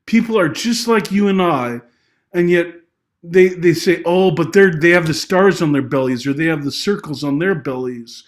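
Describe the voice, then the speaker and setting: A man's voice: a little high, normal speed. Agitated, rambling man with a raised voice. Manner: emotional and rambling, with many restarts and apologies; agitated, voice rising when angry. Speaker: vlogger giving social commentary. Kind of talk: unscripted personal monologue.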